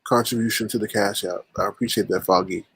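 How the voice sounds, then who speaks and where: A man's voice: fairly low pitch, fairly even intonation, fast, fairly bright tone, husky, no room sound, low-quality recording. A man hosting a casual livestream chat, talking in a sarcastic, teasing way. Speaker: livestream host.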